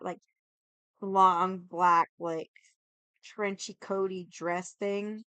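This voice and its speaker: A young woman livestreaming in casual chat, hoarse from yelling and rambling with lots of "like". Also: mid-range voice, no echo. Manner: rambling, heavy use of "like".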